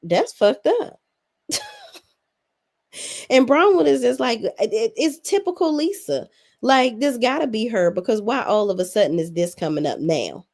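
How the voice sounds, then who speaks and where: A woman's voice: on the high side, expressive, moderate pace, darkish tone. A young adult woman hosting a casual recap, blunt, sassy and full of swearing. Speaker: reality TV recap host.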